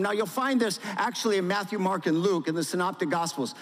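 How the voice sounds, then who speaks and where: A male pastor giving a sermon, reading a storybook aloud in a dramatic, animated way and asking listeners to respond. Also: high voice, fairly quick, few pauses. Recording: long hall reverb.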